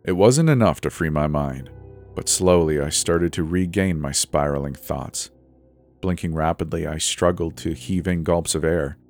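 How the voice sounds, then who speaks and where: A man reading a first-person horror story in a measured, suspenseful way. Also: extremely low pitch, darkish tone, faint music behind.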